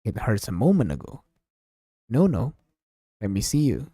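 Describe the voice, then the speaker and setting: A man reads a visual novel's text aloud for his stream, taking his time over each line. His pitch swings widely as he shifts between narration and the characters. The tone is soft and mellow, and the sound is close and dry. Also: husky, dry recording. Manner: slow, expressive reading, voicing several characters. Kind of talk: dramatic read-aloud of game text.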